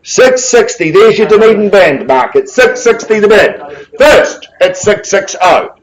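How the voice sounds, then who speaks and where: Brief: male NZ auctioneer, jovial, brisk calls, light banter with the room. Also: high-pitched, sing-song, rough recording. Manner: brisk, jovial patter with quick asides to bidders. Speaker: real estate auctioneer. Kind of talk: live property auction calling. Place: auction room with bidders present.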